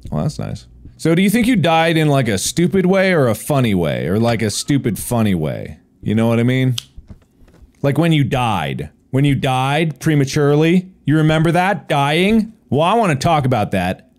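A man's voice: medium pitch, very animated, moderate pace, a little mellow. A man playing a horror game alone, teasing and taunting an unseen ghost with sudden yelps. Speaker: game streamer.

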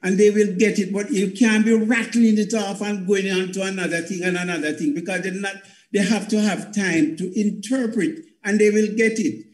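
An older Jamaican man, a theatre producer, makes his case on a panel with earnest repetition. His voice sits high for a man. The recording carries a roomy echo. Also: steady tone, normal speed, few pauses, a little mellow. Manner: earnest, explanatory, repeats points for emphasis. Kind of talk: panel discussion.

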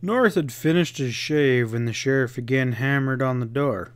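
Male audiobook narrator, smooth resonant voice, measured, Western storytelling. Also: medium pitch, no echo. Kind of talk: scripted narration of a Western novel.

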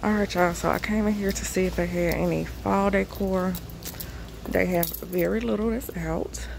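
A woman's voice: on the low side, fairly even intonation, moderate pace, vocal fry, noisy background. A woman vlogger chatting casually to the camera in a rambling way, her voice still groggy from the morning. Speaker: vlogger, mom. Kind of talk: casual vlog chat.

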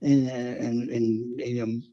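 Dark-toned man spinning road stories. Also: medium pitch, level tone, takes it slowly, no room sound, highs cut off. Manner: rambling anecdotes with many restarts. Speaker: guest, former band road manager. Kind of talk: casual storytelling in conversation.

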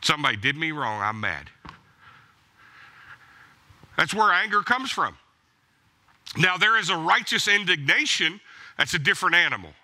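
A man's voice: fairly high pitch, very animated, moderate pace, long pauses, bright, forceful tone. A male pastor preaching a sermon in an emphatic, exhorting way, driving points home with blunt repeated commands. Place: church.

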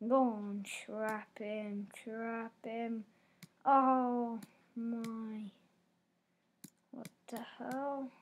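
Woman gamer, high voice, unhurried delivery, excitable play-by-play with loud outbursts and quiet mutters. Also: slight background noise. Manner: excitable, reacting aloud with frequent exclamations. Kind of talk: live gameplay commentary.

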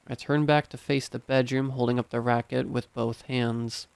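A man reading horror stories aloud in measured, steady scripted narration. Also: mid-range voice, creaky, clean tone, no room sound.

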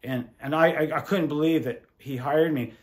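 A middle-aged man and former windsurfer telling stories casually in an interview, animated and acting out quoted voices. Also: a little high, moderate pace. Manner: animated, swearing, acts out quotes.

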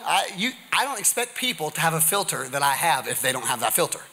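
Bright, lively man preaching a sermon. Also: high voice, a little fast. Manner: energetic, humorous preaching with call-and-response. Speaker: pastor. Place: church sanctuary.

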